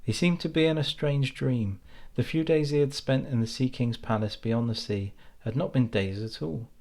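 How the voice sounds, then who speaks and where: A man reading a fairytale aloud in a calm, measured way. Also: mid-range voice. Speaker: storyteller.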